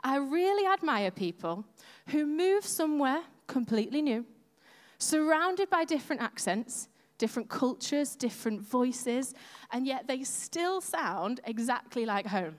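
A woman's voice: high-pitched, sing-song, measured pace. A woman church leader giving a chatty, self-deprecating sermon from a church stage and talking with the congregation. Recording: long hall reverb.

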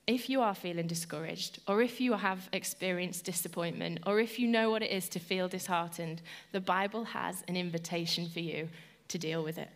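Woman speaker, devotional talk; earnest, personal, chatty delivery, mid-range voice. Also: medium pitch. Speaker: Christian speaker.

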